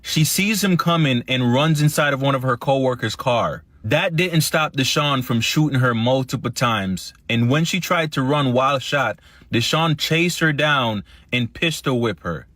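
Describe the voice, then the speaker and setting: A man reading a news story recap in a steady, matter-of-fact way. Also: mid-range voice, unhurried, dry recording. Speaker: news narrator.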